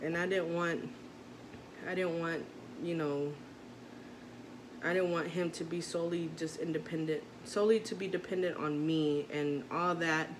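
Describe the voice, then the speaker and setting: A mother in her thirties vlogs in a casual chat to camera, her talk rambling and heartfelt, full of restarts. Her voice sits low with fairly even intonation and a moderate pace, and the background is noisy.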